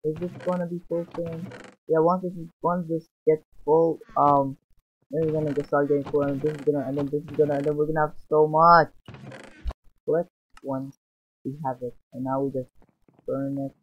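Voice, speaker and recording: Excitable young man narrating gameplay. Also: fairly high pitch, normal speed, slight background noise. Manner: excitable and rambling, often exclaiming. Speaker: gaming channel host. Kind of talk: casual gameplay commentary. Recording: dull lo-fi sound. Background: faint background music.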